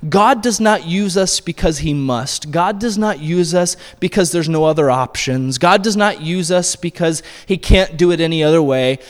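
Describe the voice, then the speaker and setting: A man's voice: a little high, normal speed, few pauses. A man preaching a sermon in a conversational way, often checking in with his listeners by asking "right?". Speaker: pastor. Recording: long hall reverb.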